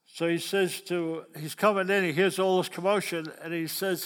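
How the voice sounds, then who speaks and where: A man preaches a folksy sermon, frequently asking his listeners questions. His high voice is steady, unhurried, a bit bright and clean, with frequent pauses. A long hall reverb surrounds the sound.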